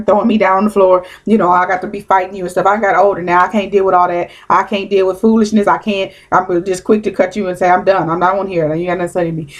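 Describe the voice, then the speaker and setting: A woman in her thirties giving an informal teaching talk as a preacher, conversational and storytelling, slipping into quoted asides. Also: medium pitch.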